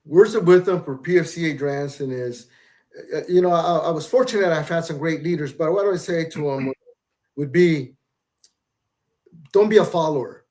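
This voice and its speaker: A man's voice: fairly high pitch, normal speed, darkish tone. Blunt, reflective retired Marine man. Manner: candid and reflective, with frequent restarts and filler; blunt, with salty language. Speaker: retired Marine master gunnery sergeant, guest. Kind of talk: casual interview talk.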